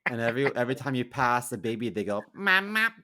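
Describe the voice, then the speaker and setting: A man's voice: mid-range voice, fairly even intonation, fast, a bit bright. A man co-hosting a podcast, throwing in crude, joking one-liners in casual chat. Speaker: podcast co-host.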